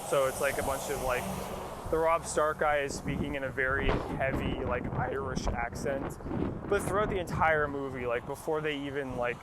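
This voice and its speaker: A man's voice: medium pitch, moderate pace. Young guy rambling bout a movie outside, swears a lot, wind and traffic noise all over the mic. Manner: rambling, profane, dismissive, lots of fillers. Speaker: podcast host. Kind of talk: casual rambling movie recap.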